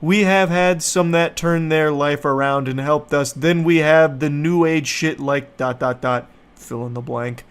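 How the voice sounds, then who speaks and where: A man's voice: on the high side, a little slow, few pauses, clear, resonant tone. A man giving comedic commentary as he reads text messages aloud, sarcastic, profane and incredulous. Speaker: online commentator.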